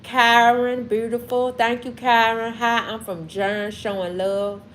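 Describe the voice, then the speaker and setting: Slow-drawling Southern woman streamer. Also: on the high side, flat delivery, fairly bright tone, slight background noise. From Mississippi. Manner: slow, drawling, talks back to chat. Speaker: livestream host. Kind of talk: casual livestream chat reading comments.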